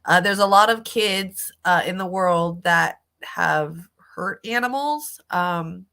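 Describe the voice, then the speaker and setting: Woman streamer, casual reaction chat, slow delivery, lowish pitch, sympathetic and foul-mouthed. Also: gravelly, bright, forceful tone. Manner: chatty and sympathetic, swears freely.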